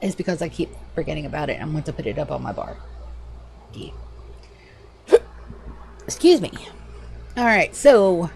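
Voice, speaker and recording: A woman's voice: low voice, moderate pace, vocal fry, long pauses, slight background noise. Chatty, profane woman livestreamer. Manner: chatty, profane, animated, yawning. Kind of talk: casual gaming livestream chat.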